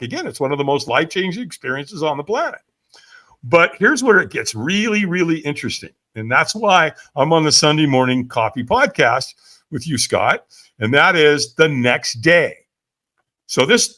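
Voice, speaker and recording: A middle-aged man telling a story with lots of life, his voice rising and falling widely. His tone is bright and forceful, and he keeps adding quick asides to the listener as he acts out the scenes. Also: fairly high pitch. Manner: vivid storyteller, frequent "right?" asides, acts out quotes. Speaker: podcast guest, firewalk instructor. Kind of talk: animated storytelling in an interview.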